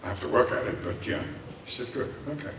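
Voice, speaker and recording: A man's voice: medium pitch, fast, vocal fry, far from the mic, background noise. Older Irish man telling stories in an echoey hall. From Ireland. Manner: rambling anecdotes, lively and theatrical. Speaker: panel guest actor. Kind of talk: convention panel storytelling. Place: large convention hall.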